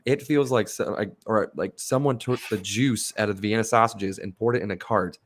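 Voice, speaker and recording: Low-voiced man telling rambling stories. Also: moderate pace, slight background noise. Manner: animated rambling storyteller, swears freely. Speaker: podcast host. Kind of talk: casual podcast chat.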